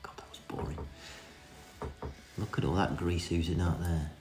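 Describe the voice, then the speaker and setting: A man's voice: deep voice, little pitch movement, moderate pace, darkish tone. A man giving a cheeky, self-mocking running commentary in a casual hands-on repair tutorial. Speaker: vintage reel restorer. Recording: echoey room with music behind.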